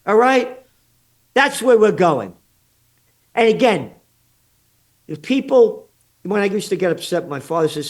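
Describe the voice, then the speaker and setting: A man's voice: high-pitched, very animated, measured pace, pauses often. An older American man with an American accent, a trends forecaster giving blunt, sarcastic, indignant commentary in an interview, full of rhetorical questions.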